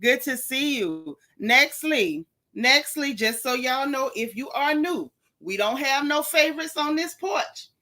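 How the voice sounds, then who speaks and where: Woman, live-stream host, bright voice, highish pitch, swooping drawn-out greetings. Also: lively intonation. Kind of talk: casual live-stream chat greeting viewers.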